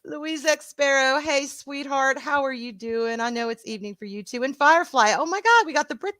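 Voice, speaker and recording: A woman with a Southern drawl chats through a casual livestream, greeting viewers by name with "sweetheart" and "honey". Her voice is bright and a touch high, and it sits close and dry on the mic. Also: lively intonation, a little fast, no echo. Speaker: co-host of a stream.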